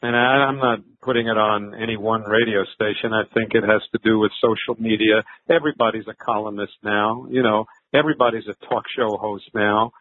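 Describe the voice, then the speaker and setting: A man's voice: lowish voice, fairly even intonation, a little fast, few pauses. An older man, a veteran sports broadcaster, telling stories in a conversational interview, with fillers and restarts. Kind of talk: reflective interview answers. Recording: thin phone-like line.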